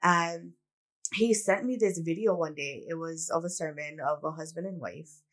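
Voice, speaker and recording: A woman with a lowish voice hosts a casual podcast chat. She tells personal stories in a candid, reflective way, with lots of "like" and "you know". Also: moderate pace. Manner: candid, reflective storytelling with many "like"s. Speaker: podcast co-host.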